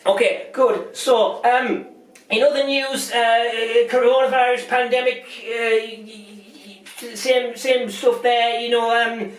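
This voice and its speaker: A bumbling, bigoted news anchor, as a comedian puts him on, stumbling through his lines and flaring into rants. The voice sits high for a man. It sounds echoey and a little off-mic. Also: steady tone, slow, recorded from a distance. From Britain. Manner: rambling, stumbling, bursts into rants. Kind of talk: parody news presenting.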